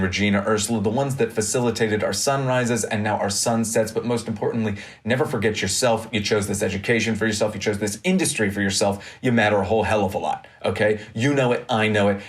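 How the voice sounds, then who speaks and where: A student giving a graduation speech in a playful, theatrical way. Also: male voice, fairly low pitch. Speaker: student class speaker.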